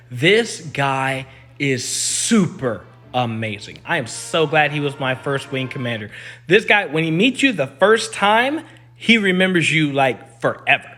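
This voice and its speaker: Lively young man telling stories. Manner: animated, playful, pitch jumps up for quoted voices. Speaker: veteran storyteller. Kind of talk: casual spoken storytelling.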